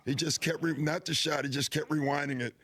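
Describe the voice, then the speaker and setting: A former basketball player on a talk show, telling an old game story in a relaxed, amused way. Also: male voice, a little high, fairly quick. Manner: relaxed, amused, fillers and laughs.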